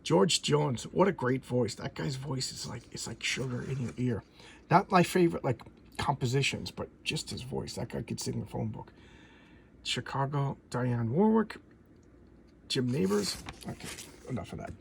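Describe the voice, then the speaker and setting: A man with a gravelly edge to his mid-range voice chats casually through a comic review. He gets excited, trips over his words and starts sentences again. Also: medium pitch, normal speed, slight background noise. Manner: enthusiastic, rambling, with frequent restarts and repeated words. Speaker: comic book collector and reviewer.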